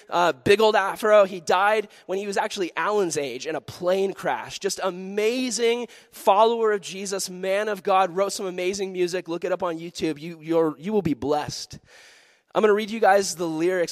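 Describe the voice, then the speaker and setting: A man preaching to young people in a high, light voice. He tells stories animatedly, jumping into acted-out voices and occasional shouts. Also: no echo, clean studio sound. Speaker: youth pastor. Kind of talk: sermon.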